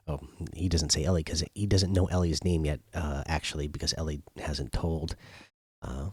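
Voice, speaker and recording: A man's voice: very deep voice, steady tone, moderate pace, slightly rough, no room sound, studio quality. A man hosting a show, retelling an episode casually with many fillers and restarts. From not British. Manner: loose, filler-heavy retelling. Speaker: host. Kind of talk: casual spoken recap.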